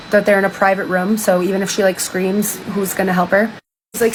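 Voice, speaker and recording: A woman's voice: medium pitch, level tone, a little fast, a little hiss or hum, low-quality recording. A young woman casually retelling a book for social media, chatty and full of "like", reacting with disbelief. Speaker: TikTok storyteller.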